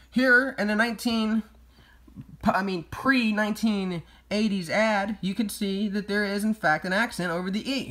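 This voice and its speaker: Bright-voiced sarcastic male vlogger. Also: sits high. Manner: mock-outraged and deadpan sarcastic. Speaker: YouTube vlogger. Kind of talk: sarcastic comedic commentary.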